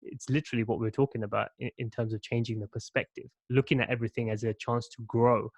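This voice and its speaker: A man hosting a podcast in a reflective, conversational tone. He stops and restarts his sentences as he thinks aloud. His voice sits at an ordinary pitch and the recording is dry, with no room sound. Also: level tone, dry recording. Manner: reflective, halting, with false starts. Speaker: podcast host. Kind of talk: conversational interview.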